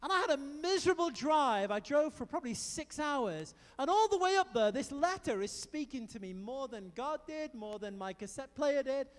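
A high-pitched man delivers a sermon, switching between hushed asides and loud, emphatic bursts as he tells a story. His voice rings out with a long reverb, as if filling a big church hall. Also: moderate pace, hardly any pauses. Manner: animated storytelling with emphatic outbursts. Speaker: preacher.

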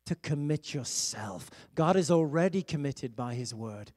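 Middle-aged male preacher, high and lively pitch, chatty storytelling sermon. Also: measured pace, few pauses. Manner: conversational storytelling with laughs. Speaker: evangelist and pastor.

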